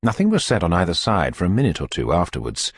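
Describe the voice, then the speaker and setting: A man narrating a classic novel as an audiobook reader, in expressive, lively storytelling. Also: deep voice, fast talker, husky, dry recording, studio quality.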